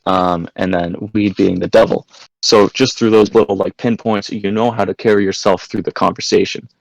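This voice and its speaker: A man's voice: lowish voice, steady tone, moderate pace, creaky, no room sound, low-quality recording. A young man, a podcast guest, casually telling prank-call stories and crude jokes. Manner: storytelling, crude jokes, acts out voices. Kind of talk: casual chat.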